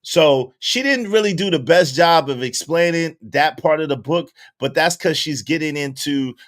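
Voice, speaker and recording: Male host, casual recap commentary, fairly high-pitched, expressive storyteller. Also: normal speed. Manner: animated storytelling, acting out quoted voices.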